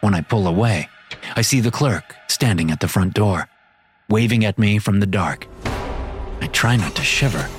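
A man narrating a first-person horror story in a wry, deadpan way. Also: on the low side, normal speed. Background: music.

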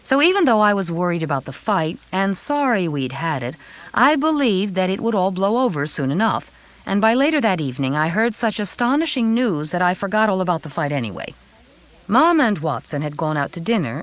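A woman's voice: lowish voice, very animated, a little fast, dry recording, poor audio. A woman narrating a children's chapter book in first person, reading aloud expressively. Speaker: audiobook narrator.

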